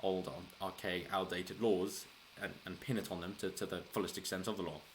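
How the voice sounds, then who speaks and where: Low-voiced man rambling commentary. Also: steady tone, brisk, a little hiss or hum. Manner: rambling, frequent restarts, chuckles while talking. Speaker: political commentary channel host. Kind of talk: casual solo commentary.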